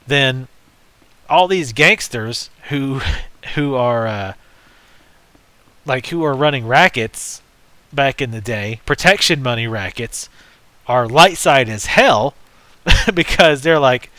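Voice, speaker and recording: A man's voice: medium pitch, lively intonation, takes it slowly, pushed and bright, no echo. A man giving casual, joking and rambling commentary while playing a video game. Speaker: let's play host.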